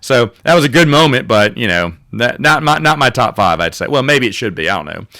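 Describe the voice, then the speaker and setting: A man's voice: medium pitch, big pitch swings, a little fast, pushed and bright. A man hosting a podcast, telling rambling, self-correcting stories in a casual monologue. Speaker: podcast host.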